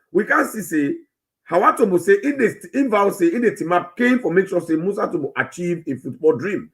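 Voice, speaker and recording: A man's voice: high-pitched, a bit bright. A man with a Sierra Leonean Krio-English accent, rambling through an opinion commentary with many restarts. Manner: rambling, searching, frequent restarts. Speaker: host of a political commentary channel.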